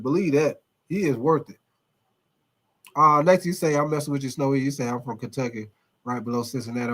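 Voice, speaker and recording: A man's voice: high-pitched, a bit bright. A man hosting a casual sports livestream, reading chat comments aloud in a loose, repetitive way, swearing and laughing often.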